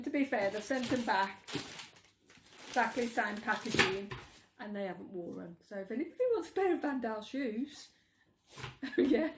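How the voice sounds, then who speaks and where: Against a noisy background, a medium-pitched middle-aged woman from England chats casually in a Birmingham accent for her vlog. She giggles as she talks and trips over words now and then.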